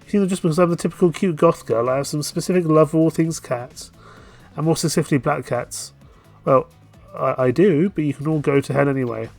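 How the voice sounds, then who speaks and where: A man voicing a sulky, scornful young goth woman in a game, in a put-on high voice. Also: a little fast, creaky, a little mellow, faint music behind. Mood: defensive.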